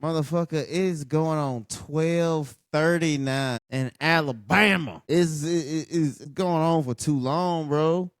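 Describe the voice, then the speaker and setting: A man's voice: on the high side, slow pace, few pauses, no echo, studio quality. A man reviewing a wrestling show late at night, tired, blunt and profane in his mocking running commentary. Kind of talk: casual ranting commentary over a live show.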